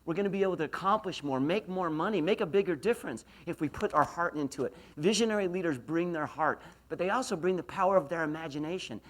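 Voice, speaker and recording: Hardly pausing, a middle-aged man from Idaho talks fast in a voice on the high side during a university lecture. As a motivational speaker, he throws questions to the audience and tells self-deprecating stories.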